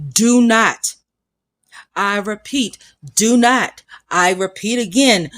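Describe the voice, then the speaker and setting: A woman with a lilt delivers a scornful, preachy solo monologue for her spiritual podcast. She hammers her points home with blunt repetition, her voice sitting in an ordinary middle register for a woman. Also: medium pitch. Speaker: podcast host.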